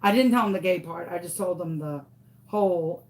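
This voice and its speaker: A woman's voice: on the low side, fairly quick, darkish tone. A young woman telling a story in a casual, dramatic way, acting out the voices of the people in it. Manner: dramatic, exaggerated retelling with quoted voices. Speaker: craft vlogger.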